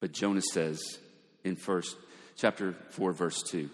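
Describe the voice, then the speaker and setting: Man preaching in a reverberant hall. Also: measured pace. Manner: expressive preaching, swings between low asides and raised emphatic lines. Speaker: pastor. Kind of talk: sermon.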